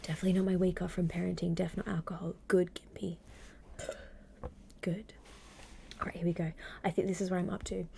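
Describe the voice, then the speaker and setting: A woman reads aloud and chats on a live stream from her home desk microphone. Her voice is low and mellow with a gravelly fry, and she slips often into a soft, wry half-whisper. It has the hushed closeness of a home stream. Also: level tone, quick pace, pauses often, a little hiss or hum. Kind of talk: soft-spoken stream reading and chat.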